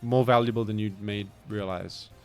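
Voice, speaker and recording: A man's voice: lowish voice, fairly even intonation, normal speed, darkish tone, clear, resonant tone, faint music behind. A man with a British accent commenting live on a game he is playing, rambling in a playful, mock-grandiose way. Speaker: streamer.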